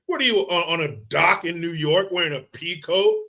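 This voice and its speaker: A man's voice: on the high side, normal speed, vocal fry, sharp tone. A man hosting a live commentary stream, ranting in a casual, mocking and profane way. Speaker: livestream host.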